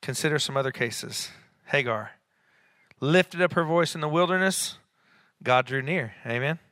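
A middle-aged man preaching a sermon as a pastor, conversational, with quick asides and rising emphatic peaks. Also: on the high side, pushed and bright, no echo, studio quality.

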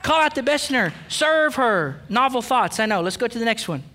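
A man's voice: very high voice, sing-song, fairly quick, sharp tone. A man pastor preaching a sermon, emphatic and direct, calling out the men with playful asides. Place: church sanctuary.

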